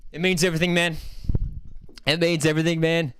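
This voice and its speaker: A young man hosting a live football watchalong, celebrating loudly and reading out chat messages. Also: a little high, little pitch movement, a little fast, a little hiss or hum. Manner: ecstatic, shouting, calls everyone man and dude.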